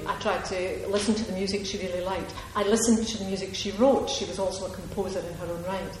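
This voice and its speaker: Chatty author in an echoey hall. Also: female voice, mid-range voice, fairly even intonation, fast, few pauses. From Ayrshire, Scotland. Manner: chatty, digressive, laughs often, emphatic. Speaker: author at a reading. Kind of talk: audience Q&A answer. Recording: echoey hall with faint noise.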